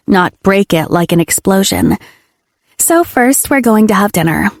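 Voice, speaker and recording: A woman reading a first-person audiobook in a soft, intimate storytelling voice. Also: mid-range voice, dry recording, clean studio sound. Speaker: audiobook narrator.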